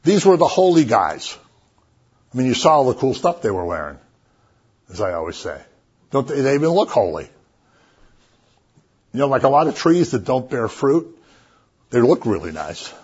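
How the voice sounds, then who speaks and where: Husky man preaching casually. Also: medium pitch, normal speed, pauses often, muffled recording. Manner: conversational, animated storytelling with asides. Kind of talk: casual sermon.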